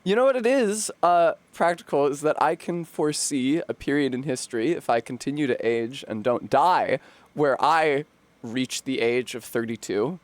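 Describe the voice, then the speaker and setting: A man's voice: a little high, moderate pace, dry recording. A young man from the United States chatting on a live stream, rambling and wry, swearing and laughing often. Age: young adult. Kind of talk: casual live-stream chat.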